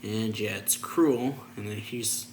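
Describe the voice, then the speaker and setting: A man's voice: lowish voice, slow, gravelly. Man recapping a story, roomy sound. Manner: loose, filler-heavy retelling. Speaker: manga reviewer. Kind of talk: casual chapter recap. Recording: roomy echo, faint ambient noise.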